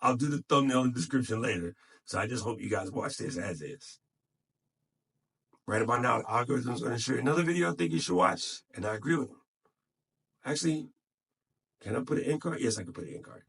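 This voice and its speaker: A man's voice: medium pitch, expressive, a little fast, creaky, pauses often, a bit bright, breathy edge. A man talking casually to camera, encouraging other podcasters in a tired voice, recorded on his phone. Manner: encouraging, motivational, loose and unscripted.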